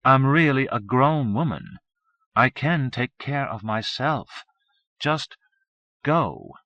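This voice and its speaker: A man's voice: medium pitch, takes it slowly, fairly bright tone, pitched above the performer's own voice. A man reading an audiobook, voicing an exasperated, self-assured grown woman who talks firmly and impatiently. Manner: firm, impatient. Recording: dull 1980s cassette recording.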